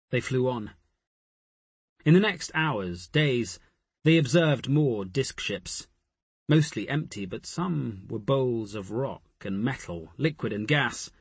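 A man reading a science fiction audiobook as narrator, in a measured, deliberate way. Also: medium pitch, lively intonation, breathy edge, dry recording. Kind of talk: scripted narration.

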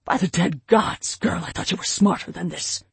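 A man reading an audiobook, voicing a furious, domineering elf chieftain who growls and shouts threats at his daughter. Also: fairly high pitch, moderate pace, gravelly, breathy edge, no room sound, exaggerated voice. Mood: raging.

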